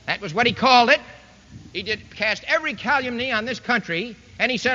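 A man's voice: very high-pitched, animated, brisk, bright, forceful tone. A man giving a political speech to a live audience, folksy and sarcastic, full of rhetorical questions. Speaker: speaker addressing an audience. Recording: dull lo-fi recording in a reverberant hall.

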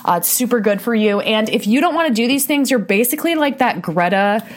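A woman's voice: a little high, expressive, fairly quick. Blunt woman hosting talk radio. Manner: blunt, sarcastic, rhetorical questions. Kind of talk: casual opinionated radio monologue.

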